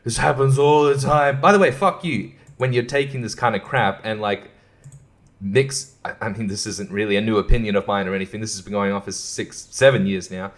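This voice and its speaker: A man's voice: lowish voice, brisk. A man hosting a podcast alone, rambling in a sarcastic, profane way and chuckling to himself. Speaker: podcast host. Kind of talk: casual podcast monologue.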